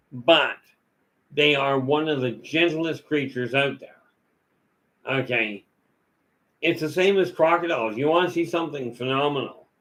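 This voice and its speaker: A man's voice: mid-range voice, a bit bright, rough recording. A man giving a rambling, folksy talk full of stories and asides as a vlog host. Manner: folksy, storytelling, many "you know" fillers.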